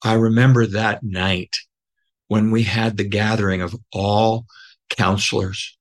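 A man guest telling a personal story, earnest and emotional, halting with many fillers and restarts. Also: lowish voice, steady tone. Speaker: podcast guest.

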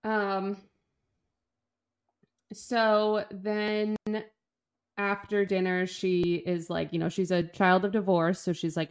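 A woman's voice: fairly low pitch, fairly even intonation, slow, clear, resonant tone. A young woman co-hosting a podcast, talking frankly and opinionated about a book, with casual swearing. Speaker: podcast co-host. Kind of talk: casual book-club chat.

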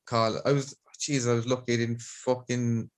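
A young man with an Irish accent hosts a casual podcast, telling stories in an animated, blunt way full of swearing. His pitch sits in the ordinary middle range. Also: moderate pace. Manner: animated storyteller, swears freely. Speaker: podcast host. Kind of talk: casual chat.

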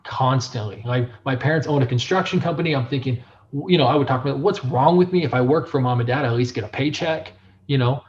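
Animated man on a dull lo-fi recording. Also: medium pitch, fast talker. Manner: animated, frequent filler phrases. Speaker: print shop owner, podcast guest. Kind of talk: casual interview storytelling. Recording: dull lo-fi sound.

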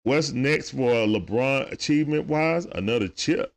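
Speaking a little slowly with vocal fry and lively intonation, a man at medium pitch commentates a game on a livestream. His casual play-by-play is chatty and loose, with frequent remarks to players and viewers.

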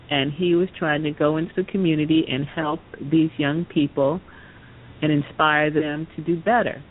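A podcast speaker telling a story in a casual, rambling way, with many "you know" asides. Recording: tinny phone line with faint rumble.

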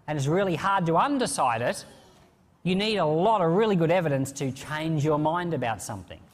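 A man preaching a sermon in an animated, conversational way. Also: on the high side, a little fast, in a large hall. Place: church.

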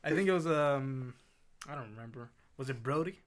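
A man in casual chat, laid-back and quick to agree. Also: mid-range voice.

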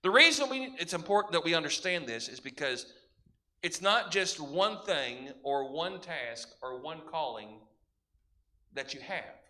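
A man's voice: fairly high pitch, lively intonation, unhurried, bright, forceful tone. A man preaching a sermon as pastor, emphatic, building his points through repeated parallel phrases.

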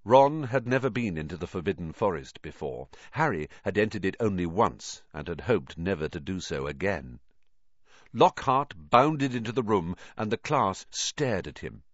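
A man narrating a storybook with an expressive, varied delivery. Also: sits low, normal speed, dry recording, muffled recording. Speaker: audiobook narrator.

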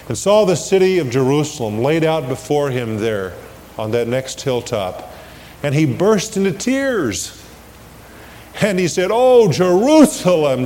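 Slow, emphatic preacher in an echoing hall. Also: male voice, medium pitch, darkish tone. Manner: emphatic, slows down and swells on scripture quotes, asks the congregation questions. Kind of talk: sermon. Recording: long hall reverb with faint ambient noise, 1980s church recording.

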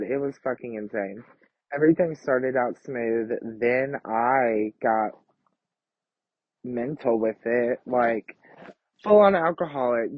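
Young dude podcasting, super campy and profane, slow drawl, dry little room. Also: male voice, medium pitch, slightly rough, no echo. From Kentucky. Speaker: podcast host. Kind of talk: casual confessional monologue. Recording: dull lo-fi home recording.

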